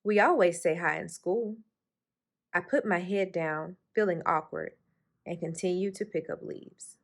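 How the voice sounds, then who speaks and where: Another storytime reading: a woman with a lowish, unhurried voice works through a children's picture book. She raises her voice with expression for each character's lines.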